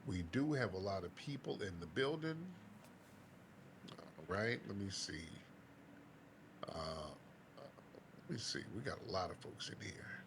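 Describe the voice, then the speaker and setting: A very deep-voiced man runs a live audio chat room, briskly calling up the next speakers. Clear background noise hangs under his voice throughout the stream. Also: lively intonation. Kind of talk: moderating callers.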